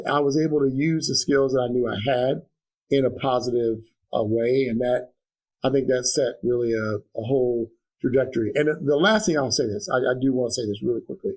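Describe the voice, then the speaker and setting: Interview guest, middle-aged man, earnest and reflective, mid pitch. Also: darkish tone, low-quality recording. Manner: earnest, reflective, many restarts and fillers. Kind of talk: conversational interview.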